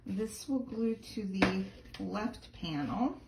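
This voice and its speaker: A woman's voice: medium pitch, lively intonation, slow pace, gravelly, roomy sound, heavy background noise. A woman teaching a card-making tutorial in a chatty, enthusiastic way, gushing over the details as she works. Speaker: crafting instructor.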